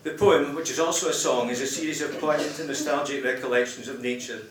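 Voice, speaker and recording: A man introducing and reading poems at a conference in a measured, explanatory way. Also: medium pitch, steady tone, far from the mic. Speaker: presenter of poems. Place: conference hall. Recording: roomy hall with faint noise.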